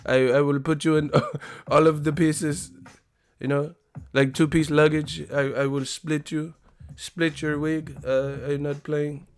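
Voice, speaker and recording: A man hosting a casual live stream, loud and profane, laughing and joking with his viewers. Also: on the high side, little pitch movement, measured pace, clean tone.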